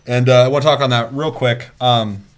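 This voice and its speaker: A man's voice: medium pitch, a little fast. A young man co-hosting a casual gaming podcast, telling stories loosely and swearing freely. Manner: loose, profane, animated storytelling. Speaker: podcast co-host.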